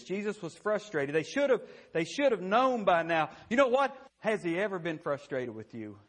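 A man's voice: sits high, sing-song, moderate pace, few pauses. A man preaching a sermon in a church, folksy and conversational, often asking "you know what?".

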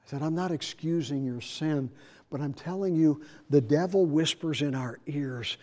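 A middle-aged man preaching a sermon as pastor, moving between quiet, confiding storytelling and loud, raised emphasis. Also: moderate pace. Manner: shifts from soft confiding asides to loud, high-pitched emphasis.

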